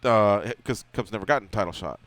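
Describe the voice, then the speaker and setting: Male sports radio host, lowish voice, casual and joking. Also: quick pace, dry recording. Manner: joking, teasing, lively.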